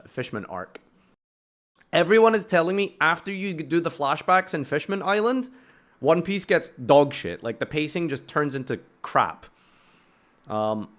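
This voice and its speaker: A young British man streams while playing, chatting casually with his chat. His mid-range voice is a bit bright, and his manner is sarcastic with plenty of swearing.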